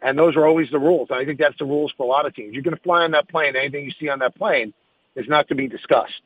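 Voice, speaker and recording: A man's voice: a little high, rapid-fire, no room sound, narrow, tinny audio. A man who hosts sports radio, answering interview questions frankly and emphatically, thinking aloud as he goes.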